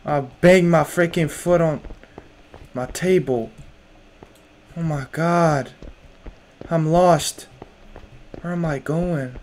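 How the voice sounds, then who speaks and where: A man's voice: a little high, a little mellow, a little hiss or hum. A young man playing a horror game, jumpy and nervous, talking to himself in casual slang. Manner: casual slang, lots of "bro". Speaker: gamer. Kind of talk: horror game let's play.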